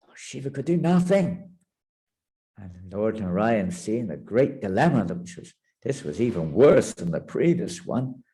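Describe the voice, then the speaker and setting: Animated gravelly male storyteller. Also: fairly low pitch, unhurried. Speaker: monk teaching a class. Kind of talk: dramatic storytelling in a spiritual class.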